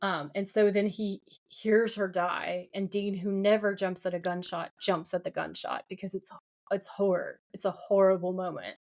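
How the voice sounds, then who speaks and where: A woman talks through a TV episode with her co-host in easy, filler-heavy chat. Her pitch sits in the middle of the range. She jumps between retelling scenes and her own opinions. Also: fairly even intonation, normal speed, creaky, darkish tone. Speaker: podcast co-host. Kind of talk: casual recap chat.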